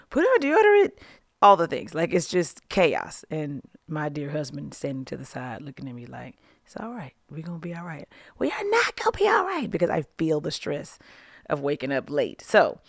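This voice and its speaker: Animated woman teaching scripture, dry mic. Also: low-pitched, no room sound. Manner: animated storyteller, laughs often, acts out quotes. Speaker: podcast host and Bible teacher. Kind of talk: casual devotional teaching.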